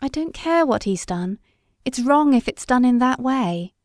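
A pale, frail young Victorian lady speaks up higher and trembling but determined, as a woman reader puts her on. The storybook reading is dry and close-miked. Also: expressive, a little slow, a little mellow, no echo. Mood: distressed protest. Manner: higher, trembling, passionate protest.

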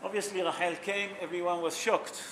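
A man with a high, steady voice delivers a sermon as a rabbi at a brisk pace, his tone fairly bright over a faint hiss or hum. He tells stories with deep emotion and poses questions to his listeners, speaking non-native English with simple grammar.

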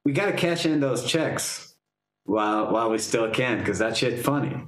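A man's voice: medium pitch, animated, moderate pace, fairly bright tone, echoey room, low-quality recording. A man hosting a podcast, chatting casually with crude jokes and lots of fillers. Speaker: podcast host. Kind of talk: casual chat.

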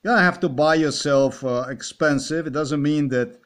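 A man's voice: on the high side, normal speed. A man with a Slovenian accent rambling and ranting in a monologue, swearing and firing off repeated rhetorical questions. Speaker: vlogger.

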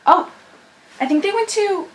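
A woman's voice: very high voice, animated, a little slow, low-quality recording. A young woman hosting a fan reaction video, gushing and squealing as she reacts, with faint music behind her. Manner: gushing, squealing, breathless fangirling. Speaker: YouTube reaction host. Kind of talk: excited fan reaction vlog.

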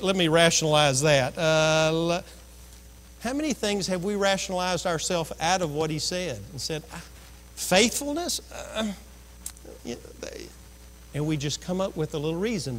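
In a church sanctuary, a pastor with a high, fairly bright voice preaches a sermon, telling a story and acting out its voices. The long reverb of the church hall carries through the recording.

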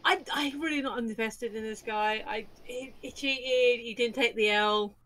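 Female podcast co-host, casual and quick to laugh, fairly high voice. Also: a bit bright, rough recording. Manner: laughs often, short agreeing replies.

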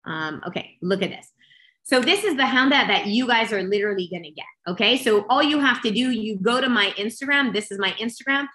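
A woman business coach speaking as a guest, emphatic and expressive, often restarting her sentences. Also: on the high side, brisk, reverberant. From Canada. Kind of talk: energetic coaching talk.

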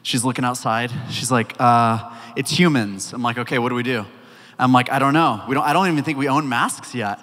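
A young man as a youth pastor, telling a story in an animated way and acting out the dialogue. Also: mid-range voice, brisk. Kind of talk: lively youth talk with storytelling. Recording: reverberant hall sound.

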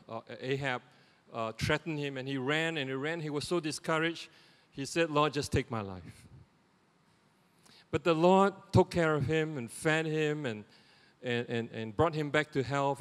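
A middle-aged man with a Singaporean English accent, giving a lay sermon in a conversational, animated way with lots of "you know" asides. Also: mid-range voice, clean tone. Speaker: lay preacher. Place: church sanctuary. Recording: long church reverb.

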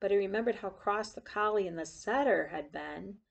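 A woman reading a picture book aloud in an expressive storyteller way, pointing out the pictures as she goes. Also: medium pitch, moderate pace, creaky, lo-fi sound.

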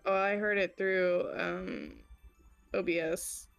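A woman chatting casually with a streamer friend, relaxed and a little sleepy. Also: fairly low pitch, slow pace, vocal fry, faint music behind. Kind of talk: casual chat.

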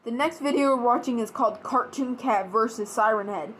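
A woman's voice: a little high, a little fast, fairly bright tone, a little hiss or hum. A woman hosting a reaction video at home, rambling casually with lots of fillers. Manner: rambling, filler-heavy talk.

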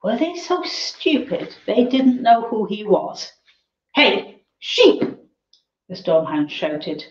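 A woman reading a children's novel aloud in a measured, expressive storytelling manner. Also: medium pitch. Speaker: reader. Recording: roomy, dull lo-fi sound.

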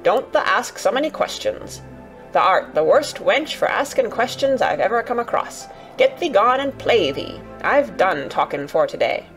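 A woman voicing a gruff, grumpy old male gardener who grumbles in blunt country dialect. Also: mid-range voice, expressive, normal speed, soft background music, lightly acted. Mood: cross.

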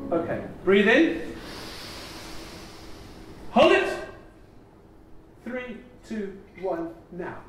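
A man leading a conference audience through an energetic voice warm-up, coaxing and theatrical, laughing often. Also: high-pitched, drawn-out words, pauses often, very noisy. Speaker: plenary speaker leading a voice warm-up. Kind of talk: leading a group vocal exercise at a conference. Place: large conference hall. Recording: very echoey hall, mic far off.

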